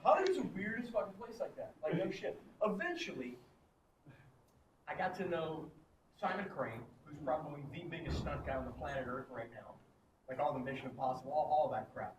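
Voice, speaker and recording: A man's voice: on the high side, lively intonation, a little fast. A man from Texas telling laughing, profane anecdotes as a guest on a convention panel, heard in a noisy hall from far off.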